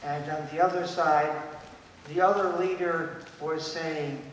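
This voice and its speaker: Picked up from afar in an echoey conference hall with slight background noise, a man delivers an emphatic lecture at a somewhat slow pace. His steady voice is on the high side, and he repeats key points while mimicking the people he quotes.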